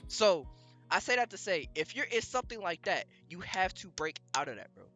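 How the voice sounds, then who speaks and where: A man's voice: high voice, sing-song, a little fast, pushed and bright, faint music behind. A man co-hosting a podcast, talking emphatically in casual motivational chat with lots of swearing. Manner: emphatic, heavy swearing, preachy. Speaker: podcast co-host.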